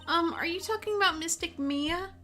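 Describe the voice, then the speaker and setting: A woman's voice: very high-pitched, normal speed, faint music behind, pitched above the performer's own voice. A woman doing a sweet little girl. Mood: admiring. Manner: soft, admiring, innocent.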